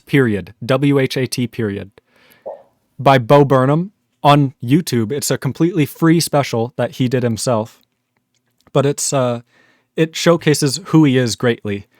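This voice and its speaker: A man's voice: medium pitch, no room sound, clean studio sound. A man with a Northern US accent, a guest rambling animatedly with many fillers in a casual livestream chat.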